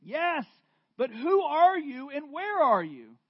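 A man putting on a frantic, yelling man dangling from a cliff. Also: very high-pitched, very animated, slow, lo-fi sound, pitched above the performer's own voice, full character voice.

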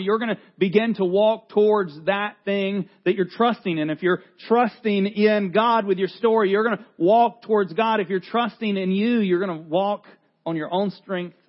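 Pastor guy in his 40s preaching, higher voice, chatty and earnest, bit muffled audio. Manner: conversational, earnest, with repeated restarts. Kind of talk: sermon.

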